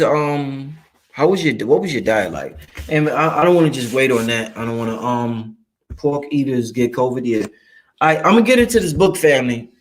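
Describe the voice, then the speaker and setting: A man from Brooklyn, New York hosting a casual livestream, talking loosely and profanely while reading and answering viewer chat. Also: mid-range voice. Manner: animated, profane, streetwise, addresses viewers directly.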